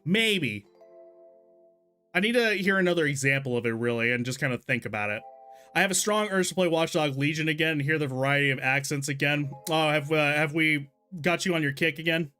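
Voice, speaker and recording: Lively high-voiced young man streaming games. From Texas, USA. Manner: chatty, laughs often, exclaims in disbelief. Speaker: game streamer. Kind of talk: casual live-stream commentary while gaming and reading chat.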